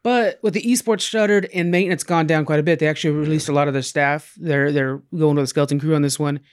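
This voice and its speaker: A man's voice: a little high, steady tone, quick pace, clean tone. Laid-back man chatting about games. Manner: laid-back, slangy, explains to listeners. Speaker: podcast co-host. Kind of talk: casual gaming chat.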